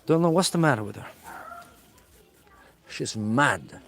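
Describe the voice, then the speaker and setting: A man's voice: mid-range voice, expressive, measured pace, creaky, fairly bright tone, a little hiss or hum. A man working as a personal trainer, answering viewers' questions on a live stream in a direct coaching manner and repeating key points for emphasis.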